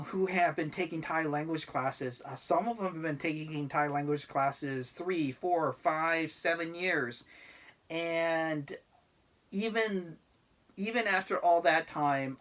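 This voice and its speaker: A man's voice: a little high, fairly bright tone. Laid-back rambling male expat. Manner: rambling, many fillers and restarts; laid-back, self-deprecating. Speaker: expat vlogger. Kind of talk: casual talk to camera.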